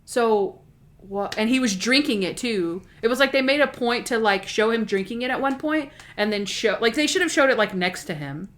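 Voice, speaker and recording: Woman podcast co-host, fairly high voice, animated and rambling, casual chat. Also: normal speed. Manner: animated, rambling with restarts and quoted asides.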